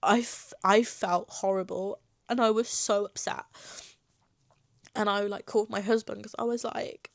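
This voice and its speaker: A woman's voice: medium pitch, measured pace, creaky, no echo. A young woman speaks straight to her audience in a casual storytime vlog. She acts out both sides of the talks with doctors, upset and near tears. Her voice sits at an everyday height, recorded dry and close. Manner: animated retelling, acting out both sides of dialogue. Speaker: vlogger telling a personal story.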